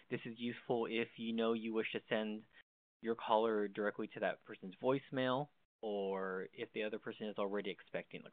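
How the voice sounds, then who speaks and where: A man's voice: lowish voice, dry recording. A man walking through the basic features of a desk phone in a plain, step-by-step instructional tone. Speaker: tutorial presenter. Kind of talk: instructional walkthrough. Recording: dry, phone-like narrow sound.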